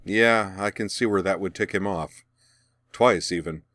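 A man's voice: sits low, unhurried, a bit bright, no room sound, clean studio sound. A man reading the part of a brooding young man who speaks wryly and matter-of-factly. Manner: wry, matter-of-fact. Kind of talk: audiobook character reading.

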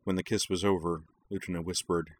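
Male narrator with a deep voice, calm and even, reading a story aloud. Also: brisk.

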